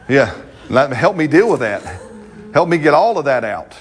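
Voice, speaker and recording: A man's voice: mid-range voice, very animated, brisk, a little hiss or hum. A man preaching a sermon in a conversational, playful way, acting out quotes and laughing along with the congregation.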